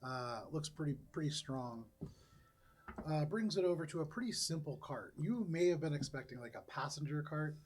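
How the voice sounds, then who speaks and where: A man running a tabletop game as game master, narrating scenes in a relaxed, descriptive way. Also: fairly high pitch, normal speed. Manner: descriptive, relaxed, laughs often.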